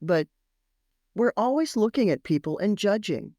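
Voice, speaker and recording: Animated woman telling a parenting story. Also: mid-range voice, normal speed, no echo, studio quality. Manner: animated, emphatic, repeats phrases for effect. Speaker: parenting expert guest. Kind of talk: storytelling podcast interview.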